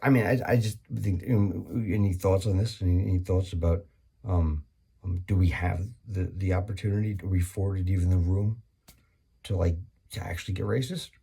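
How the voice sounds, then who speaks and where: A man with a low, gravelly voice riffs through a comedy monologue. He rambles and restarts, swears freely and jumps up into sudden high-pitched outbursts. His tone is dark and husky. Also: steady tone, moderate pace.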